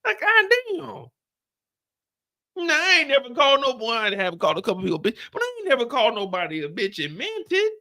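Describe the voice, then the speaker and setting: A man's voice: extremely high pitch, very animated, fast, few pauses, sharp tone. A man streaming a casual, profane chat to viewers, talking in an exaggerated, comically exasperated way and sounding tired. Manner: profane, repetitive storytelling. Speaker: show recap streamer.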